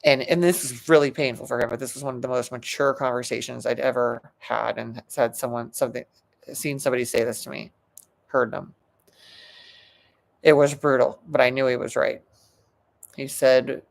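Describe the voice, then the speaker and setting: A woman's voice: very deep voice, steady tone, a little fast, vocal fry. A middle-aged woman, a psychologist and coach, giving a motivational talk in an earnest, emphatic way, often restarting her sentences.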